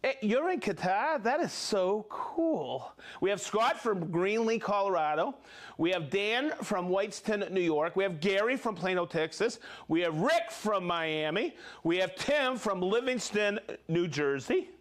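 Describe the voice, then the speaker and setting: Live stream host, male, upbeat reader of viewer shout-outs, high lively voice. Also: a little slow. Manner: upbeat, reads viewer names and places, jokes and laughs. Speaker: livestream host.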